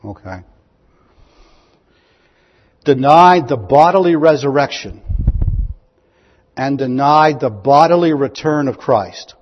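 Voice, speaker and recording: A man preaching a sermon, reading scripture aloud and asking his listeners questions, rising to loud, high proclamations. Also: expressive, takes it slowly, long pauses. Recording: dull, long-echo hall recording.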